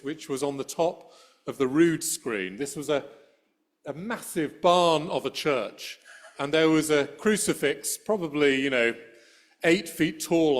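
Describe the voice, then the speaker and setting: Middle-aged male priest, sermon in a church, church microphone, storytelling tone, dry wit. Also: a little high. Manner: conversational storytelling with dry humor.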